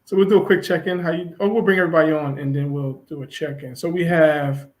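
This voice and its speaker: A man co-hosting an online talk show, relaxed and easygoing, with lots of fillers. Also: on the high side, fast talker. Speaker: co-host.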